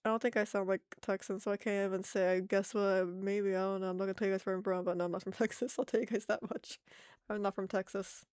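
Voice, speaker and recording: A woman's voice: mid-range voice, level tone, quick pace, darkish tone, clean tone, dry recording, clean studio sound. An American woman streaming her art, chatting casually with viewers in a rambling way and laughing often. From United States.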